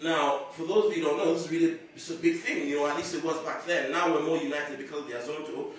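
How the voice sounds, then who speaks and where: A man's voice: on the high side, steady tone, fast, background noise. A man performing stand-up comedy on a club stage, chatty and teasing, laughing through his jokes. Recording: echoey room from far off with crowd. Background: audience laughter.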